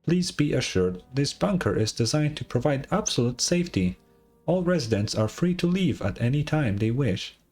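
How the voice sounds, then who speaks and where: A man voicing a gentle female announcement system in a game fan dub, speaking in a measured, polite manner. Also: mid-range voice, very animated. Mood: reassuring.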